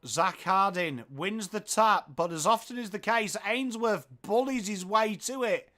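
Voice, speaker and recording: Commentating live on a match for his stream, an English host chats away with viewers and reads their comments out. He speaks in a high, unhurried voice with a casual, chatty manner that rises whenever someone scores.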